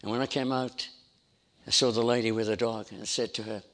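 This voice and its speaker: A man's voice: on the low side, level tone, fairly quick. A man preaching a sermon in an emphatic style, building his points through repetition. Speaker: pastor.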